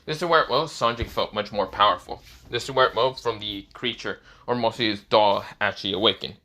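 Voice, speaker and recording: A man's voice: lowish voice, a little fast, pushed and bright. A man improvising a fan story, rambling with many restarts and swearing casually.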